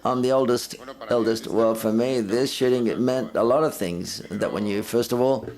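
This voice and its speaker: A man's voice: medium pitch, fairly even intonation, moderate pace, a little mellow. A man giving simultaneous interpretation at a film festival press conference, relaying each speaker in the first person and lifting his voice for quoted lines.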